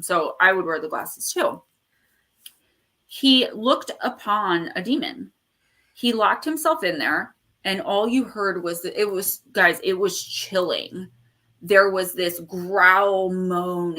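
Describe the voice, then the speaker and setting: A woman chats on a live stream in a casual, rambling way. She tells stories with lively energy, and her voice has a bright, forceful edge. Her pitch sits in a middle range. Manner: animated, rambling storyteller who acts out quotes. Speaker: host of a live paranormal talk stream. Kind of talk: casual livestream chat.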